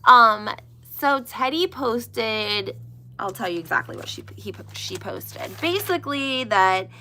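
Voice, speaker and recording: Woman, live-stream gossip vlogger, casual chat, gravelly edge, bright tone, keeps asking "right?". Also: fairly high pitch, expressive, slow pace. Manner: chatty, keeps checking in with "okay?" and "right?".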